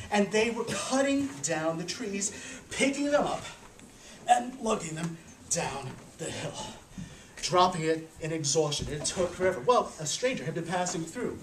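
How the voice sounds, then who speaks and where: A man telling a folk story live to an audience, animated and chuckling. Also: high-pitched, slight background noise. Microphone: small handheld camera from afar. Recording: roomy, from a distance.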